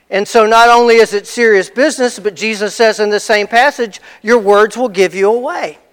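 A man's voice: high voice, fairly bright tone, clear, resonant tone. A man preaching a conversational sermon as a pastor, telling personal stories and repeating phrases for emphasis. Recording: long reverb of a large hall.

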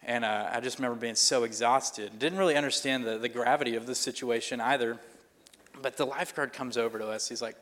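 A pastor telling a personal story in a sermon, in a loose conversational way with fillers and restarts. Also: male voice, medium pitch, steady tone, brisk, a bit bright. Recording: long reverb of a hall.

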